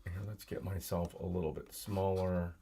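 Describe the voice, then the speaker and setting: Tired guy streaming alone at his desk, lowish voice, sore throat, lots of um and uh, mumbling to himself. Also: level tone, normal speed, dark tone, slight background noise. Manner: rambling, filler-heavy, self-talk while using the computer. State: tired, sore voice from yelling at work. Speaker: podcast host. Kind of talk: solo live-stream chat. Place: home desk with laptop and monitor.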